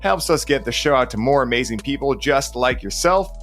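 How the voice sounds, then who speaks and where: A man's voice: medium pitch, expressive, brisk, fairly bright tone, faint music behind. A man hosting a podcast in a laid-back, slangy way, acting out quotes as he tells stories. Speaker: podcast host. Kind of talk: casual podcast chat.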